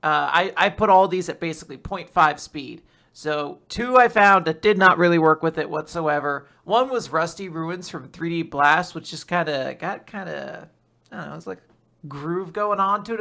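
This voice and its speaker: Podcast co-host, casual chat, rambling, laughing, bright voice. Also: mid-range voice, moderate pace, creaky. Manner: rambling, laughing, filler-heavy.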